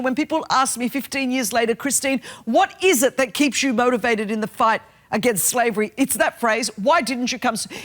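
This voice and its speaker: A woman's voice: a little high, moderate pace, fairly bright tone. A middle-aged woman preaching, telling a story earnestly and building to passionate emphasis. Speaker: speaker and activist. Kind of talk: sermon storytelling.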